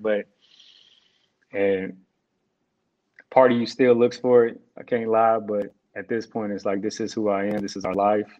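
A young man, a guest, telling an emotional personal story in a halting, reflective way with restarts. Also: fairly low pitch, flat delivery, darkish tone. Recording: dull lo-fi sound.

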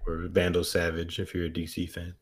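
A man's voice: sits low, completely flat delivery, fairly quick, breathy edge. A man co-hosting a podcast, chiming in with wry remarks during a casual episode recap. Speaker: podcast co-host.

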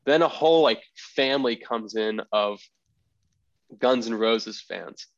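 A man hosting a podcast, telling a story in a rambling, animated way and acting out the people he quotes. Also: lowish voice, takes it slowly, no room sound, muffled recording. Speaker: podcast host. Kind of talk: casual storytelling chat.

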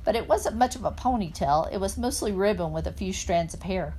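A woman reading a children's novel aloud in a plain, steady narrating voice. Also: medium pitch, brisk, slight background noise. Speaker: reader.

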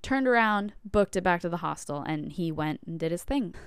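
A woman podcast host telling a personal story, candid and chatty with plenty of "like"s. Her voice sits a little low and is very smooth and clean. The sound is dry and close. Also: lively intonation, moderate pace, dry recording. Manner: candid and chatty, many "like"s and fillers. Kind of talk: casual storytelling monologue.

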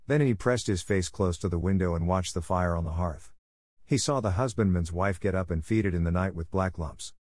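Low-voiced man reading a story. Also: darkish tone, no room sound, clean studio sound. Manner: measured storytelling. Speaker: narrator. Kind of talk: audiobook reading.

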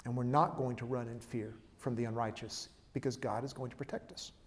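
A man preaching a sermon, emphatic, swinging between loud declarations and quiet asides. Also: mid-range voice, fairly even intonation, a little fast. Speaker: pastor. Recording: long hall reverb.

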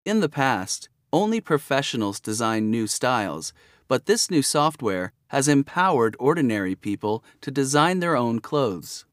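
A man reading vocabulary example sentences for a lesson, clear and explanatory. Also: mid-range voice, big pitch swings, measured pace, dry recording, clean studio sound.

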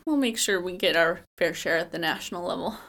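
A woman's voice: lowish voice, a little fast, fairly bright tone. A woman, a political candidate talking in a casual interview, earnest, with many fillers and restarts.

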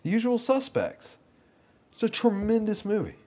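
A man's voice: high voice, very animated, moderate pace, warm tone. A man co-hosting a casual chat about movies, rambling and amused, laughing often.

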